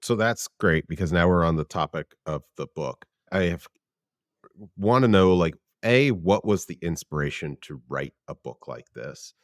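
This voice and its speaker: Deep-voiced host guy asking the guest stuff on a podcast, dry sound. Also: animated, moderate pace, no echo. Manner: curious, questioning. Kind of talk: casual panel discussion.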